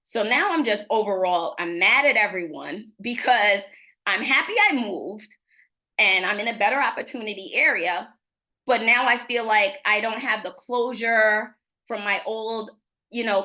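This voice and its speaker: A woman community advocate telling a personal story on a live webinar, animated and indignant, acting out the exchanges she quotes. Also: medium pitch, moderate pace.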